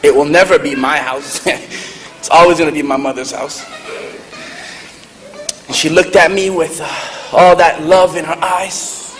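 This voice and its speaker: A man telling funny stories to an audience in a lively, joking manner. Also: on the high side, measured pace, pauses often. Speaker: speaker at a public event. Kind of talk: humorous storytelling talk. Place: large hall with audience. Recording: echoey hall, faint noise.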